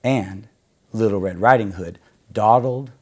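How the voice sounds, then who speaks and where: A man reading a children's story aloud in a gentle, expressive storytelling way. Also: on the low side, unhurried.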